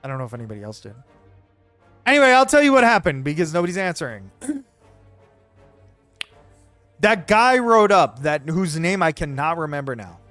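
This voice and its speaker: A man streaming live, talking in a rambling, excitable, profane rant to his chat. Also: a little high, normal speed, long pauses, dry recording, soft background music. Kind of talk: casual chat while live streaming a game.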